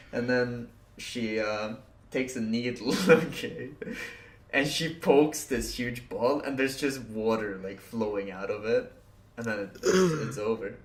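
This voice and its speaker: A young man co-hosts a podcast in a medium-pitched voice at a normal pace, telling stories casually with lots of laughing and swearing while acting out how he used to react. The echoey room adds slight background noise to the chat.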